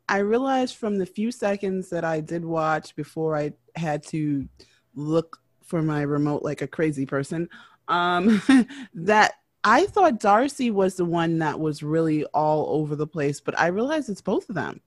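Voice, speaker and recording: Woman co-host, wry asides, lowish voice, dry sound. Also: animated, measured pace, no echo. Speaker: podcast co-host. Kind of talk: casual reality TV recap chat.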